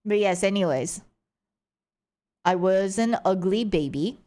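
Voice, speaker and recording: A woman's voice: medium pitch, expressive, unhurried, mellow. A young woman streamer in casual chat, talking loosely with many fillers and frequent laughter. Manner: chatty, giggly, full of "like" fillers. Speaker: livestreamer.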